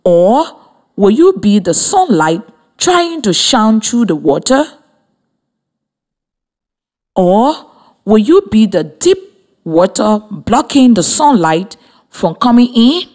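A woman with a Liberian English accent, teaching a scripted radio lesson for children and spelling words out slowly letter by letter. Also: medium pitch, big pitch swings, a little mellow.

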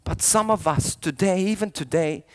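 A priest telling a story in a youth sermon, swinging from soft lines to loud ones and often restarting his words. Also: sits high, moderate pace. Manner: animated storyteller, jumping between hushed lines and loud shouted quotes; frequent restarts and repeated words.

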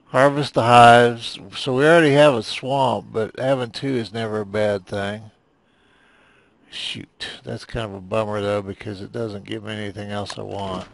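Gravelly man muttering through gameplay. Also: on the low side, fairly even intonation, moderate pace, no echo. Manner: rambling, self-deprecating, mutters to himself. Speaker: gameplay commentator. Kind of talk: casual let's play commentary.

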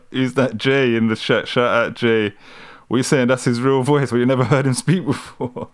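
A man's voice: medium pitch, fairly even intonation, measured pace. A British man giving casual live commentary on a news clip, mocking and laughing often, with slangy speech. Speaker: streamer reacting to news.

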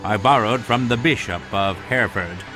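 A man voicing a sad, resigned older knight in an audiobook, speaking slowly and mournfully. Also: lowish voice, over music, lightly acted. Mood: sorrowful. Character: weary, downcast older male knight. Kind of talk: audiobook character voice.

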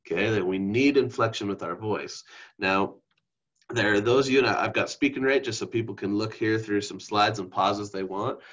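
A man teaching a lesson on speech delivery over slides, who calls his own voice monotone and keeps checking in with "okay?". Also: normal speed. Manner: self-described monotone, drops into deep exaggerated demos; frequent "okay?" check-ins. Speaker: instructor. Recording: dull lo-fi recording.

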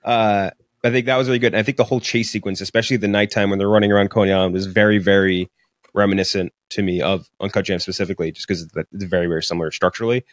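Casual podcast co-host, young male, lowish voice, rambly and profane, dry close mic. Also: steady tone, rapid-fire, no room sound. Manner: rambling, filler-heavy, profane. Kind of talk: casual movie review chat. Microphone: studio podcast mic.

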